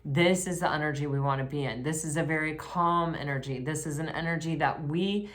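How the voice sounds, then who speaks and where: A woman talking through a tarot reading in a casual, rambling way, often restarting her sentences and breaking into excited exclamations. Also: deep voice, brisk. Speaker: tarot reader.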